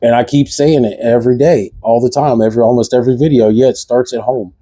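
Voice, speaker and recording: A man's voice: medium pitch, steady tone, quick pace, dark tone, breathy edge, no room sound. A man speaking, giving a passionate spiritual monologue to camera that repeats phrases and fires off rhetorical questions. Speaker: vlogger.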